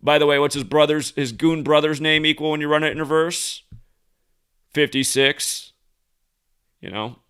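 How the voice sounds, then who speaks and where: A man's voice: a little high, fairly even intonation, moderate pace, pauses often, a bit bright, clean tone. A man hosting a commentary monologue, talking heatedly with profanity and frequent restarts. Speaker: host.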